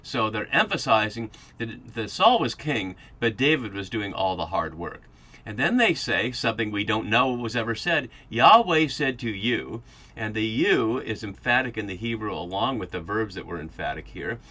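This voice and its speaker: A man's voice: on the low side, animated, moderate pace, sharp tone. A man hosting a podcast, giving a Bible study lecture that explains passages and thinks aloud as he goes. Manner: thinking aloud with fillers and restarts.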